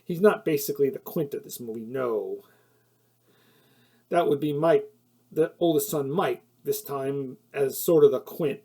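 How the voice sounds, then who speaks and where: Rambling through a casual film review, this man talks a little slowly in a medium-pitched, warm, husky voice. He's full of fillers and self-corrections, laughs at his own points, and gets heated when something annoys him.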